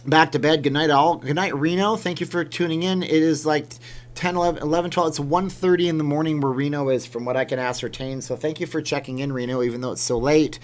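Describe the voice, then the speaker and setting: A man's voice: fairly high pitch, steady tone, quick pace. A man from Canada hosting a late-night livestream, chatting casually and reacting to viewer comments as he reads them. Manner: chatty, rambling, reacts aloud to chat comments. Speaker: livestream host. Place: home room with green screen.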